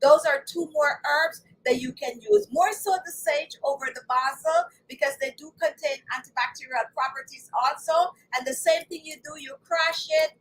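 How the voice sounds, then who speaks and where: A woman's voice: high voice, normal speed, few pauses, rough recording. A woman hosting a live beauty stream, talking in a chatty, emphatic way and repeating her key words as she speaks to viewers. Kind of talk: live-stream hair care talk.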